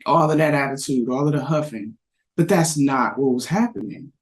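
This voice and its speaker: A man's voice: medium pitch, moderate pace. A man on a parenting discussion panel, telling a reflective anecdote with frequent restarts. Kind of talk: casual discussion.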